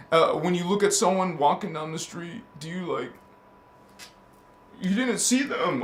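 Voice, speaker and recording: A man preaching as a spiritual teacher, his slightly high voice ringing out in a reverberant room. He talks fervently and needles his audience with one rhetorical question after another. He often stammers and restarts mid-phrase. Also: animated, moderate pace. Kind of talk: preaching monologue. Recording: roomy echo.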